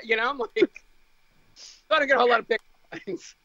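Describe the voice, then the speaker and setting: Young woman co-host, blunt and sweary, bright and very expressive pitch. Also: a little fast, vocal fry, no echo, muffled recording. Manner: blunt, sweary, laughs a lot. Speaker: podcast co-host. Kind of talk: casual podcast chat.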